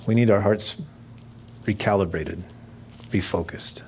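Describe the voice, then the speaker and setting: A man's voice: on the low side, steady tone, measured pace, a little mellow, slight background noise. A middle-aged man preaching a sermon in a conversational, jokey way, slipping into mimicked voices for asides. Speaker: pastor.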